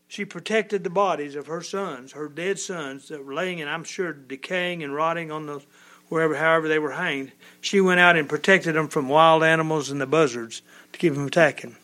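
A man's voice: fairly high pitch, moderate pace, sharp tone. A middle-aged man from Texas, a lawyer, giving a folksy, rambling devotional talk with many restarts.

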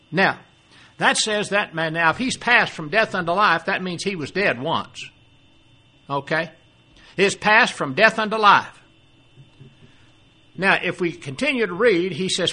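A man's voice: high-pitched, lively intonation, unhurried, pauses often, sharp tone. An older man preaching a sermon, reading scripture aloud and explaining it, often asking the listeners questions. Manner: expository, quotes scripture then explains it, asks the audience questions.

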